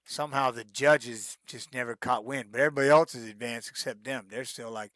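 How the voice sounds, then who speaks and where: A middle-aged man, a retired fighter, answering fan questions in a casual live-stream chat, telling stories and acting out shouted quotes. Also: medium pitch, a little fast, hardly any pauses, dry recording, clean studio sound. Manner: animated storyteller who acts out shouted quotes, peppered with "man".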